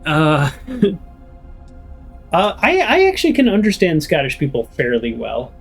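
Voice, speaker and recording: A man's voice: a little high, huge pitch swings, a little slow, creaky, soft background music. An American man casually playing through a story game, reading the text aloud and rambling in jokes between choices. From United States. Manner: rambling, joking, with restarts. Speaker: let's play host.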